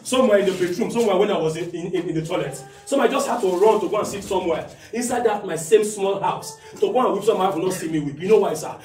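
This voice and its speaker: A man with a Nigerian accent preaching a sermon, shouting key lines and slowing down to stress them. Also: high voice, echoey room, distant mic, faint music behind. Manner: impassioned preaching, shouts and slows down for emphasis. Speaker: pastor.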